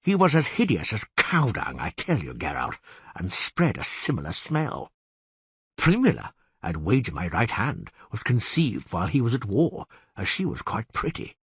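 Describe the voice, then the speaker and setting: Man voicing a husky, chatty beast-man. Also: on the low side, huge pitch swings, moderate pace, a bit bright, no room sound, exaggerated voice. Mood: boastful. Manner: chatty, confiding, wry. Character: cursed beast-man, hulking, genial, boastful. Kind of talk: audiobook reading.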